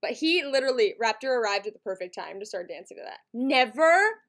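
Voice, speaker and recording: A woman's voice: mid-range voice, animated, fast talker. A woman hosting a live stream, chatting casually and giggly with her viewers from a home setup. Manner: chatty and giggly, talks to chat.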